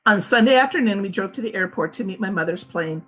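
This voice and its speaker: At home during quarantine, a female school principal reads a children's book aloud expressively for a live video on a phone or laptop, adding asides to the kids. Her mid-range voice is animated, fast, and a bit bright.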